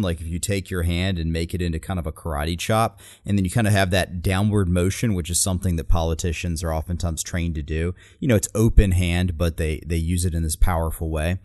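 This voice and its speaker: Man, podcast co-host, casual analysis, lowish voice, dry sound. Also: normal speed, hardly any pauses, no room sound. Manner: animated, quotes speech lines with emphasis.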